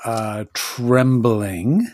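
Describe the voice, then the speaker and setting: A man's voice: medium pitch, drawn-out words, a little mellow. A man running a tabletop game as game master, describing scenes and restarting his sentences often.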